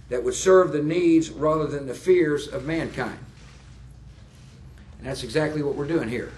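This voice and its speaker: A man in his sixties giving a public speech to plant workers, folksy and halting, with fillers and joking asides. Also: mid-range voice, a little hiss or hum. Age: 60s. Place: nuclear power plant, indoors.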